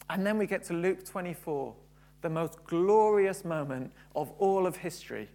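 A man's voice: on the high side, normal speed, darkish tone. A man preaching a sermon, building to fervent emphasis and repeating key phrases.

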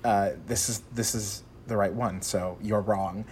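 A man's voice: on the low side, steady tone, unhurried, darkish tone, slight background noise, lightly acted. A man voicing a prim male fashion-house manager, speaking in a pedantic, dismissive way.

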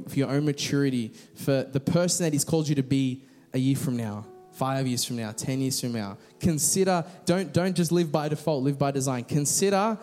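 A man's voice: medium pitch, a little mellow. A man preaching a casual, conversational sermon with frequent restarts and fillers.

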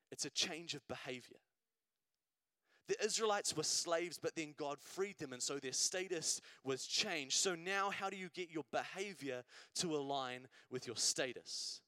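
Conversational preacher with a dry sound. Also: male voice, on the high side, sharp tone, no room sound. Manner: conversational, asks "right?" often, builds to emphatic repetition. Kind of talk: sermon. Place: church service.

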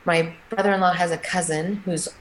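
A middle-aged woman recounts a personal story as an interview guest, her voice sitting a little low. She talks in a halting, emotional way, often restarting her sentences. A faint hiss of noise runs under the recording. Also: steady tone, low-quality recording.

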